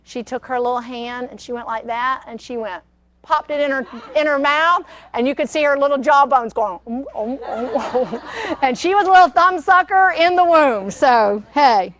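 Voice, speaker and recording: A woman's voice: high-pitched, moderate pace, a bit bright. An older woman, hosting a casual cooking demonstration and chatting in a rambling, storytelling way. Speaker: cooking show host. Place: kitchen studio.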